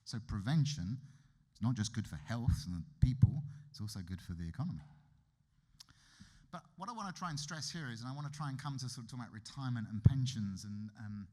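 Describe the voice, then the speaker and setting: Lively British man giving a keynote. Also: mid-range voice, fast talker. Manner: lively, wry and conversational, with emphatic asides. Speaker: keynote speaker. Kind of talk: conference keynote lecture. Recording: reverberant hall.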